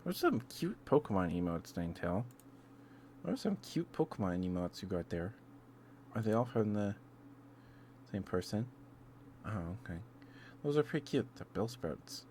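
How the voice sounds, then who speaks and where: A man's voice: fairly low pitch, sing-song, moderate pace, long pauses, darkish tone, a little hiss or hum. A man streaming ASMR, chatting casually in a rambling, self-interrupting way with chuckles between thoughts.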